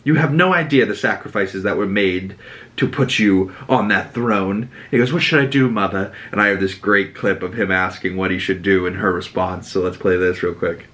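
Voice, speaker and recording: A man's voice: sits low, normal speed, fairly bright tone, slight background noise. A young man from Boston, hosting a podcast and giving a casual, rambling recap with frequent swearing and filler words. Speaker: podcast host.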